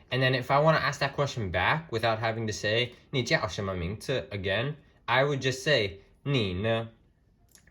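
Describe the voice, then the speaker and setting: A man teaching a language lesson in a casual way, explaining step by step and saying example phrases slowly. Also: lowish voice, a bit bright. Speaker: language tutor. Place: room with a whiteboard.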